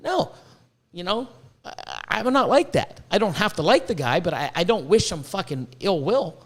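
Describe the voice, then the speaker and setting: A high-voiced man hosts a casual podcast, bursting with excitement and peppering his talk with swearing. He grew up in Canada, and he often repeats words as his thoughts run ahead of him. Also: normal speed. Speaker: podcast host.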